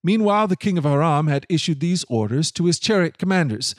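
A man narrating a scripted Bible reading with steady, clear storytelling. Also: on the high side, brisk, few pauses, no echo, studio quality.

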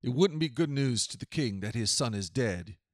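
A man's voice: medium pitch, lively intonation, moderate pace, no echo, studio quality, lightly acted. A man voicing a stern army commander who speaks firmly and curtly.

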